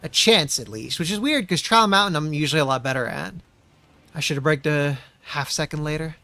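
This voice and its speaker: Man, streamer, casual gameplay commentary, chatty, frequent swearing, slightly high pitch. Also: brisk, bright, forceful tone. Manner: mutters to himself, swears often, chatty.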